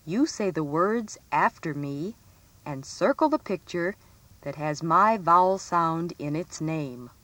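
A woman reading a scripted phonics lesson for children, stressing each example word clearly. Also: lowish voice, lively intonation, fairly bright tone, no echo. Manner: slow, clearly enunciated, sing-song emphasis on example words. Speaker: teacher.

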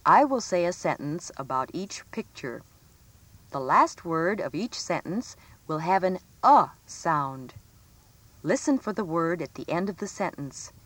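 A woman reading a scripted phonics lesson for children, stressing each example word clearly. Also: fairly low pitch, sing-song, no echo. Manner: slow, clearly enunciated, sing-song emphasis on example words. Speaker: teacher.

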